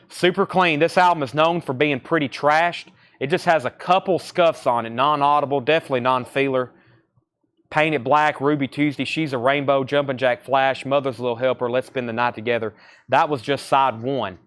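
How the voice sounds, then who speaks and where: A man with a Southern accent hosting a live record sale, listing titles and repeating prices in quick sales patter. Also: mid-range voice, fairly bright tone. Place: record shop surrounded by crates.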